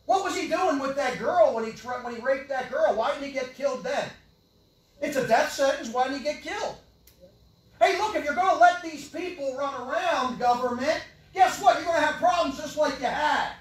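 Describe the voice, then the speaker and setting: An older man preaching a sermon with great passion, swinging from loud yelling to low mutters. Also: lively intonation, normal speed. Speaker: pastor. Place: church hall. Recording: echoey church hall, from far off.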